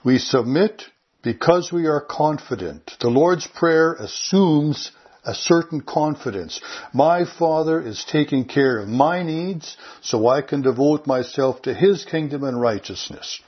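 Husky-voiced man preaching a sermon. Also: on the high side, lively intonation, unhurried, muffled recording. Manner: earnest, conversational preaching with lifts on key phrases. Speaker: pastor.

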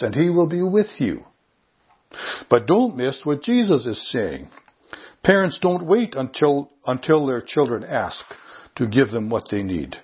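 A man's voice: medium pitch, husky, dull audio. A man preaching a sermon in an earnest, conversational way, lifting his voice on key phrases. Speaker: pastor.

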